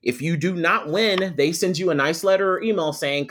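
A young adult man, a guest telling a personal story with lively quoted voices. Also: a little high, normal speed. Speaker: guest, photographer and attorney. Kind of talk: storytelling in a podcast interview.

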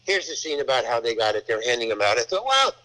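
An older man, an actor, telling a rambling anecdote from a film shoot in a casual, halting way. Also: medium pitch, animated, fairly bright tone, rough recording. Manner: rambling, halting, full of restarts.

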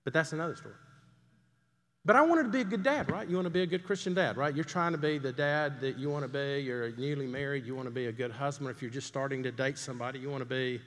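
A man's voice: mid-range voice, quick pace. A middle-aged man preaching a sermon in a folksy, conversational way, telling a story and asking the congregation questions. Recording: long hall reverb.

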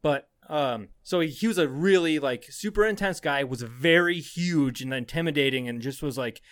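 A man's voice: fairly high pitch, normal speed, no echo. A young adult man, a podcast co-host, telling a rambling story in casual chat, swearing often and laughing as he goes.

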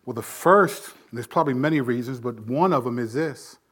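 A man preaching a sermon as pastor, building emphasis with sudden swells in volume and dropping low to make a point. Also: normal speed, a bit bright, slightly rough.

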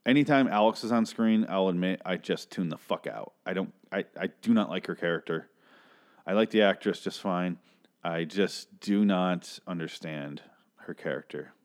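A man with a very low voice talks through a television episode recap in a loose, rambling way. He swears freely and sounds openly exasperated, circling back and restarting his thoughts. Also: moderate pace. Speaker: TV recap host.

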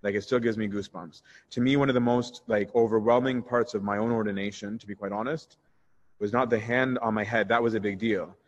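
A priest teaching a Bible study in a candid, conversational way, answering questions and telling personal stories. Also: male voice, on the low side, fairly quick, highs cut off. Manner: candid and conversational, shifts into animated retelling.

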